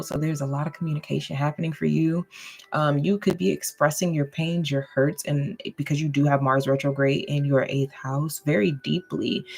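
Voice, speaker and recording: A woman's voice: low-pitched, gravelly, darkish tone. A woman giving a casual, goofy tarot and astrology reading, laughing often and checking in with listeners. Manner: addresses listeners directly, checking in with "okay?".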